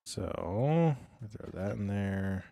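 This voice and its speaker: A man with a very low, hoarse voice chats loosely through a live game stream. He rambles to himself and to his viewers, sometimes sliding down into a whisper. The talk is loose and unscripted, with a scratchy edge to the voice. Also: expressive, takes it slowly, mellow. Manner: rambling, talks to himself and chat; drifts into whispering. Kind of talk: casual live gameplay commentary.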